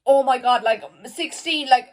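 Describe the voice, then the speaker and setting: A woman's voice: high-pitched, unhurried. A teenage girl from Ireland, rambling to camera at home in a casual vlog, full of "like" and swearing. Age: teens. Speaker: vlogger. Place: at home, indoors. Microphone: camera facing her.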